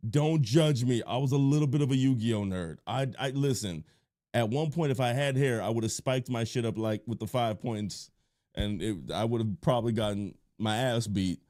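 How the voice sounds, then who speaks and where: A man streaming live, chatting casually with his chat and cracking crude jokes with sudden playful shouts. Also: mid-range voice, normal speed.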